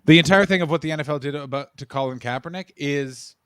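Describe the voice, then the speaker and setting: A man in a loose, profane chat, talking fast and getting worked up, his voice sitting a little high. The sound is dry and close, with no room around it. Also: smooth, no room sound. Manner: swearing, animated, jumps into quoted voices. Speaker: podcast co-host. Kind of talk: casual chat.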